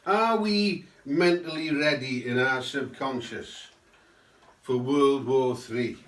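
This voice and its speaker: A man's voice: mid-range voice, slow, fairly bright tone. A man giving a rambling satirical political monologue, full of tag questions. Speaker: host. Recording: roomy, mic at a distance.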